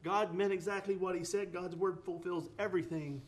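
A man's voice: sits high, steady tone, a little fast. A man preaching a sermon, earnest, with rising emphatic bursts, often repeating words and restarting phrases.

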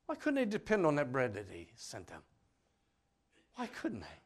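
A man preaching a sermon, swinging between loud cries and hushed lines and acting out the people in his story. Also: medium pitch, huge pitch swings, normal speed, slightly rough. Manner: acts out voices of the people in the story.

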